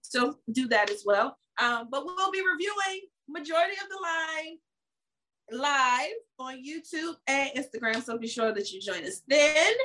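A woman co-hosting a wine podcast in casual chat, talking loosely with frequent laughs and a drawn-out sign-off. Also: high voice, expressive, bright, forceful tone, rough recording. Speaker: podcast co-host.

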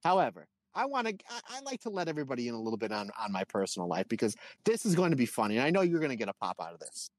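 A middle-aged man co-hosting a casual podcast, his mid-range voice close and dry on the mic. He tells anecdotes with big swings in pitch and acts out the people in them. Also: very animated, rapid-fire, few pauses, no room sound. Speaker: podcast co-host. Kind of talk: casual chat.

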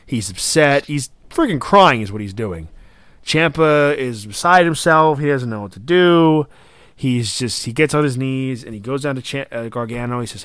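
Excitable man reviewing wrestling. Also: mid-range voice, moderate pace, smooth, no room sound. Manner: excitable, swears, acts out quotes. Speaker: podcast co-host. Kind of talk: casual wrestling review chat.

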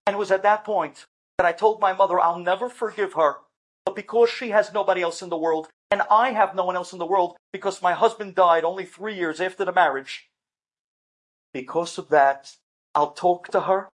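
A man voicing a bitter, estranged middle-aged daughter speaking in a low, cutting tone. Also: normal speed.

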